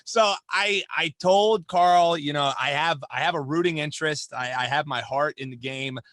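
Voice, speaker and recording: Playful guy on a sports pod, bright edgy voice, kinda high, bragging and stumbling. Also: dry recording. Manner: playful and boastful, halting restarts. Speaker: podcast co-host. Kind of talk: casual sports chat.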